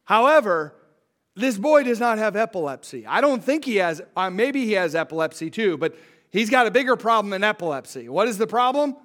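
A man's voice: sits high, very animated, a little fast, a bit bright. A man, a pastor, reading a scripture passage and explaining it verse by verse in a conversational teaching sermon, sometimes asking his listeners questions. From United States.

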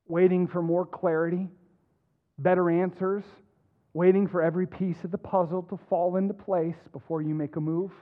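Middle-aged man, pastor giving a sermon; earnest, halting delivery, higher pitch, narrow tinny audio. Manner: earnest, halting with repeated restarts. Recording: tinny phone-like sound.

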